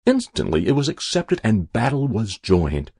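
A man reading a story aloud in a measured, expressive way. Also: fairly low pitch, vocal fry, breathy edge, no echo, studio quality. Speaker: narrator.

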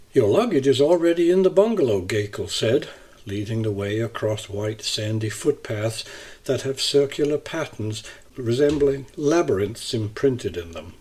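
A man narrating a first-person travel essay in a measured, even reading style. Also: medium pitch, slightly rough.

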